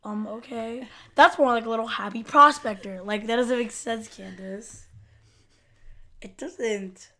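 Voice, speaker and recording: A woman with a slightly high voice chats loosely as a podcast co-host. She teases her partner and laughs easily. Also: a little slow, sharp tone. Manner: teasing, laughs often. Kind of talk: casual episode review chat.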